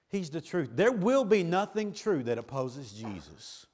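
A male pastor, preaching a sermon that swings between quiet, low asides and loud, raised cries. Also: big pitch swings, unhurried.

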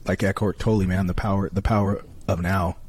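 Male podcast host, low husky voice, laid-back and affirming. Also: brisk. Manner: relaxed, affirming, thinks aloud. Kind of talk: casual podcast chat.

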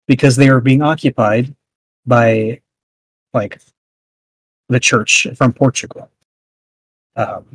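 A man's voice: mid-range voice, fairly even intonation, a little slow, pauses often, no echo. Rambling casual man podcaster. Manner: rambling, full of fillers and restarts. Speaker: podcast co-host. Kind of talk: casual chat.

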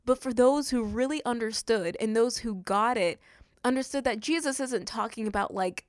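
A woman with a lilt talks through scripture in a relaxed, chatty way, slipping into quoted voices as she goes. Her voice sits a little high, and the recording is close and dry with no room sound. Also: moderate pace, no echo. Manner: conversational, animated, acts out quotes with "he's like". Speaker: podcast host. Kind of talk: casual Bible study podcast.

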